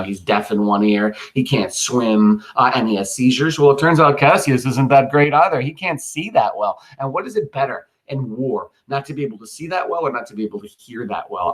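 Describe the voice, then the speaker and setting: A man's voice: mid-range voice, low-quality recording. A man teaching a recorded lesson, retelling a play in casual, slangy everyday words with fillers. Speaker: English teacher.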